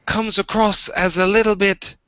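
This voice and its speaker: A man's voice: flat delivery, moderate pace, fairly bright tone, clear, resonant tone, dry recording, dull audio. A man voicing a pompous British-accented nature-documentary narrator with a put-on British accent. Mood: grandiose. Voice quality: grand, booming narration.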